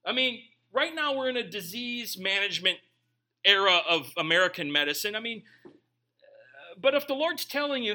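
A man's voice: extremely high pitch, animated, moderate pace, sharp tone. A young man preaching a conversational sermon, reading scripture and then telling stories with joking asides. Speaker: pastor.

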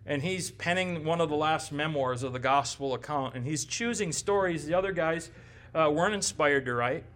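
A pastor in his forties delivers a conversational, emphatic expository sermon, often checking in with the congregation with frequent "right?" tags. His voice is on the high side and fairly bright, at a normal speed.

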